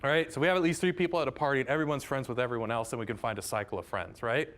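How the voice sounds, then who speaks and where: A man's voice: mid-range voice, rapid-fire, fairly bright tone. A man giving a casual math lecture. He chats, drifts into tangents and keeps checking in with "right?".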